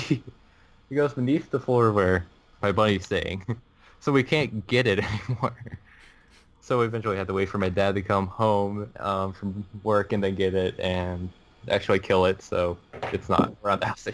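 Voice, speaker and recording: A teenage boy co-hosting a casual podcast, telling a long story in a somewhat low voice. He rambles, laughs partway through his sentences and restarts his thoughts as he goes. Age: teens. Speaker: podcast co-host.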